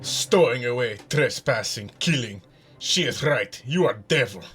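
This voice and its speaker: A man's voice: mid-range voice, animated, unhurried, fairly bright tone, faint music behind, voice pushed down. A man voicing a blunt Russian ship captain with a put-on accent and broken grammar. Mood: stern.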